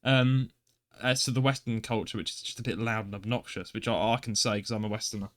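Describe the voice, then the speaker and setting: A young man with an East London accent, co-hosting a podcast and telling a lively story in casual chat, swearing freely. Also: fairly low pitch, brisk. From England. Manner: animated, acts out voices, swears freely. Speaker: podcast co-host.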